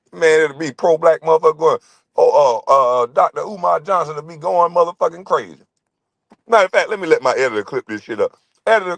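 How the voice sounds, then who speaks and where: A man's voice: a little high, dry recording. A middle-aged man hosting his own channel, ranting to camera in a confrontational, constantly swearing monologue. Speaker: channel host.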